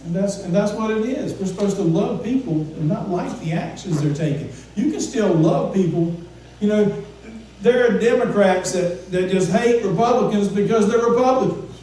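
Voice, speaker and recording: A man's voice: sits high, moderate pace, mellow. A man preaching a casual, conversational sermon, often asking the congregation questions and stumbling over repeated words. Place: church sanctuary. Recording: echoey church room from far off, faint noise.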